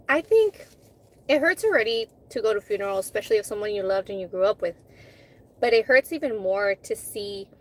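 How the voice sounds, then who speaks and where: A woman in her thirties chats to camera while eating, her voice sitting a little high. She talks candidly and heatedly, swears freely, and restarts her sentences often as she tells a story. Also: fairly bright tone. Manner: chatty, with many restarts and fillers. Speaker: food vlogger. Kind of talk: casual chat while eating.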